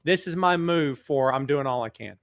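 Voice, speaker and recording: A man's voice: fairly high pitch, normal speed, no echo, studio quality. A middle-aged man hosting a wrestling show from a large building, chatting casually with viewers and greeting them by name. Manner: earnest, somber when turning serious. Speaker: wrestling podcast host. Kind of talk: casual live-stream chat. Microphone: webcam setup.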